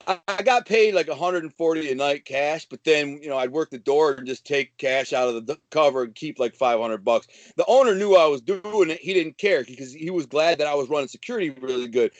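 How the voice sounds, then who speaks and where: A man from Detroit with a notably high voice spins swaggering stories as a guest, talking casually and bursting into animated, profane asides. The sound is close and dry, with no room around it. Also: brisk, hardly any pauses, no room sound. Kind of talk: casual storytelling.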